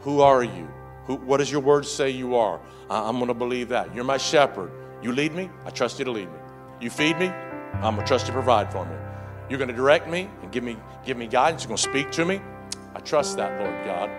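A man's voice: mid-range voice, lively intonation, a little fast. A man preaching a sermon as pastor, repeating words and urging the congregation to say lines back to him. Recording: faint music behind.

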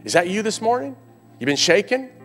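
A man preaching a sermon as pastor, rising into loud fervent calls and dropping to quiet asides, often repeating words as he builds. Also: sits high, big pitch swings, a little fast, soft background music. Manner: repeats and restarts words when fired up.

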